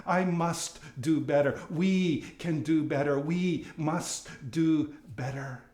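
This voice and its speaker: Slow-speaking pastor man in an echoey church. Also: fairly high pitch, a little mellow. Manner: earnest preaching, acting out quoted lines with raised voice. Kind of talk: sermon. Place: church sanctuary.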